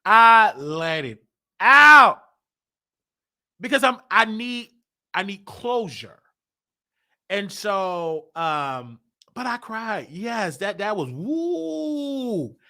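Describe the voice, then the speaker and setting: Sitting high in pitch, the man's voice is animated, pushed and bright, with drawn-out words and frequent pauses. He hosts his show and talks frankly about his life in a personal livestream, restating things as he processes them.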